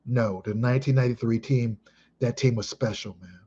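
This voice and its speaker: A Chicago vlogger in his thirties reminisces about an old memory in a casual monologue, excitable and emphatic, with heavy swearing. His medium-pitched voice is husky and fairly quick. The recording sounds dull and lo-fi.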